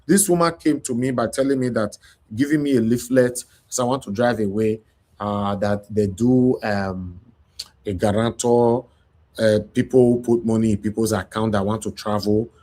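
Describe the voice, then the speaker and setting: A man's voice: lowish voice, fairly even intonation, moderate pace, dark tone. A man with a Nigerian accent hosting a heated discussion, talking in an angry, emphatic rant. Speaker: show host.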